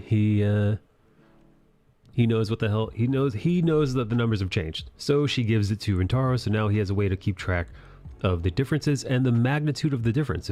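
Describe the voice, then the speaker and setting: Low-voiced man doing a loose recap. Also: warm tone. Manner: loose, rambling, profane retelling. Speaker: anime review host. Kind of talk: casual recap discussion.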